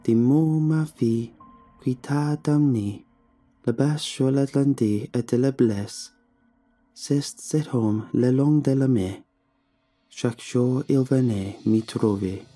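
A man voicing an unseen eerie singer with a light, quivering girl's voice that stretches each word slowly. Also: mid-range voice, mellow, soft background music. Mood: eerie singsong. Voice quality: light, quivering, slow drawn-out singing.

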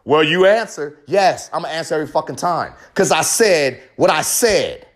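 A man's voice: fairly high pitch, expressive, normal speed. A man delivering a confessional monologue in a heated, profane, emphatic rant, hammering home short repeated phrases.

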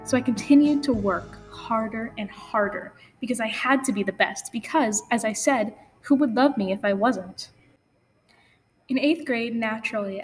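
A woman's voice: fairly high pitch, long reverb tail. A teenage girl sharing a personal story in an earnest, confessional spoken-word talk. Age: teens. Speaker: student speaker. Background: guitar music.

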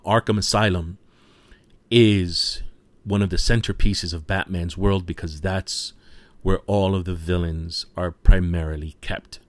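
A man's voice: deep voice, no room sound. A man giving a casual, enthusiastic spoken movie review, retelling scenes and peppering his talk with "you know". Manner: frequent fillers like "you know". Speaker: film reviewer.

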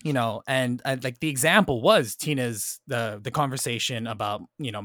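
A man's voice: mid-range voice, moderate pace, fairly bright tone, dry recording, studio quality. A man hosting a casual film discussion podcast, thoughtful and checking in often with "right?" and "like". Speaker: podcast host.

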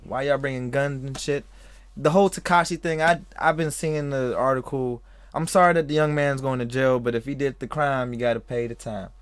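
A man's voice: medium pitch, steady tone, a little fast, clear, resonant tone, dry recording. A man hosting a podcast in a casual, rambling way, a little tipsy, laughing often and talking to live chatters. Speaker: podcast host. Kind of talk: casual live-stream chat.

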